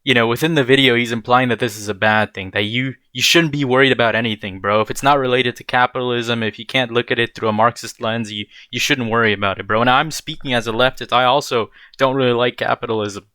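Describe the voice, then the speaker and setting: A man's voice: mid-range voice, steady tone, fast, few pauses, bright, forceful tone, no room sound. A young man giving casual, blunt commentary while reacting to a video, rambling and dropping bro and dude.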